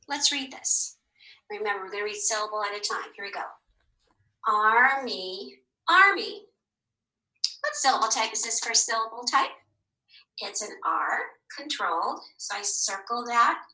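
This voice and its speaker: A woman teaching a phonics lesson to young children, patient and encouraging, sounding out words slowly. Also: on the high side, sing-song, pushed and bright, low-quality recording.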